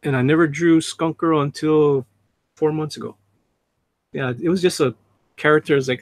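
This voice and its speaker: A man hosts a laid-back livestream in a fairly high, mostly even voice, keeping a moderate pace broken by long pauses. Chatty and quick to laugh, he reads viewers' comments aloud with joking asides as his dog jumps on him.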